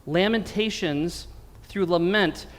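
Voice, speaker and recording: An American man preaching from the pulpit, his voice sitting high for a man. He talks to the congregation conversationally and slips in dry jokes. A long church reverb trails each phrase. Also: takes it slowly, fairly bright tone. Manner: conversational, wry humor. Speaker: pastor. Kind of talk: sermon. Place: church sanctuary.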